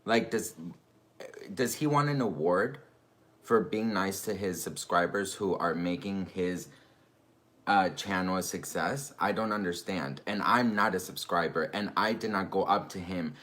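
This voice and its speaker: A man's voice: deep voice, a little slow, a bit bright. A man making an indignant video, firing off rhetorical questions and repeating his points. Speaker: YouTuber defending himself.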